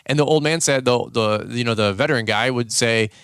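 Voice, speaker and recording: A man talks through a podcast story in a loose, rambling way, stopping to restart his sentences. His voice is smooth and sits at an ordinary pitch. The sound is dry and close. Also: brisk, a bit bright, no room sound. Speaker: podcast host. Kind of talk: casual podcast monologue.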